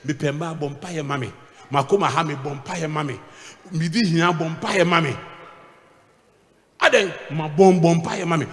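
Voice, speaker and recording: A man with a Ghanaian accent preaching a sermon as a bishop, switching between English and Twi and swinging between shouting and quiet asides. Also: a little high, a little fast. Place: church hall. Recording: long reverb of a church hall.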